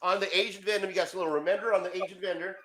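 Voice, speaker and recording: A man co-hosting a casual comic book stream, loose and excitable, swearing freely as he shows off issues over a video call. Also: sits high, very fast. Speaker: co-host showing comic books.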